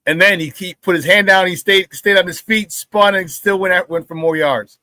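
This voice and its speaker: A man's voice: high voice, moderate pace, bright, forceful tone, dry recording. A man hosting a casual sports talk show, brash and profane, trash-talking rivals and laughing often between remarks.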